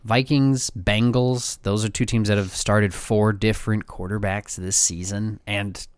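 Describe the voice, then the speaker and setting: A man co-hosting a casual sports podcast, talking in a halting way with many fillers. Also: fairly low pitch, fairly even intonation, clear, resonant tone, dry recording. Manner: halting, filler-heavy delivery. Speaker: podcast co-host.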